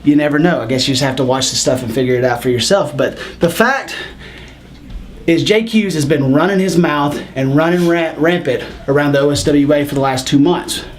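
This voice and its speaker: A man speaking as a wrestler in an in-character promo, rambling and halting at first, then boastful. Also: on the high side, a little hiss or hum.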